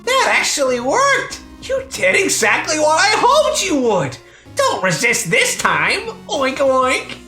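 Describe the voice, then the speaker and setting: A woman's voice: high-pitched, wildly swooping pitch, pushed and bright, roomy sound, faint music behind, pitched above the performer's own voice, full character voice. A woman voicing a gloating pig henchman. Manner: slow, gloating, oinking. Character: gleeful piggish male henchman.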